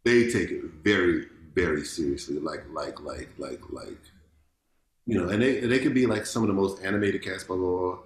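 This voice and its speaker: A man, a jazz bassist, talking loosely in an interview, often repeating words as he tells stories. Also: normal speed. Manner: loose, repeats words, animated storytelling with quoted voices. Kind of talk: casual interview chat. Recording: roomy echo.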